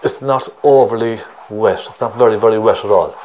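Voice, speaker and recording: A man's voice: fairly low pitch, brisk, muffled recording, slight background noise. A man with a Cork Irish accent talks through an oil painting tutorial step by step. His delivery is chatty and encouraging, and he keeps checking that the viewer is following along. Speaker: painting teacher.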